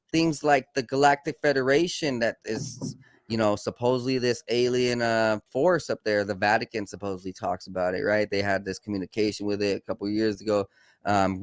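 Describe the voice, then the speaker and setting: A man in casual podcast chat with a smooth, resonant voice, recorded dry and close. He talks hesitantly, with many fillers and restarts. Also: lowish voice, dry recording. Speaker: podcast guest.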